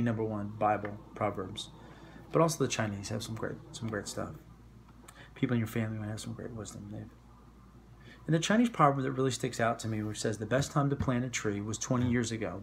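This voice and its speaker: A man with a New York accent delivers an informal devotional message in a fairly low, gravelly voice. He talks the way a friend would, reflective and casual, and he poses questions straight to his listeners. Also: slight background noise. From New York area. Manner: conversational and reflective, with asides and rhetorical questions. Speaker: Christian speaker.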